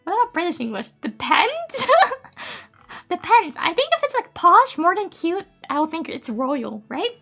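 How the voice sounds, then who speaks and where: High-pitched, bright, giggly Japanese-accented woman. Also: very animated, a little slow, soft background music. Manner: giggly and cutesy, blowing kisses to viewers. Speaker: streamer. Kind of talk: casual live-stream chat, reading viewer messages.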